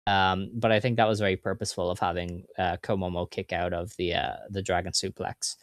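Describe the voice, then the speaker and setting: A man's voice: deep voice, little pitch movement, brisk, no echo, clean studio sound. A man co-hosting a podcast, chatting casually and recapping results in enthusiastic detail. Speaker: podcast co-host. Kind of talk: casual chat.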